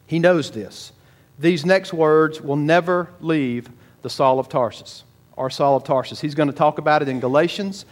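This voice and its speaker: A man preaching a sermon, emphatic, slowing down and repeating words for stress. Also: on the high side. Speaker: pastor.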